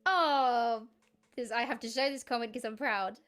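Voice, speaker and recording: A woman's voice: on the high side, normal speed, a bit bright. A woman, a singer-songwriter chatting casually to viewers on her live stream, giggly and easily sidetracked.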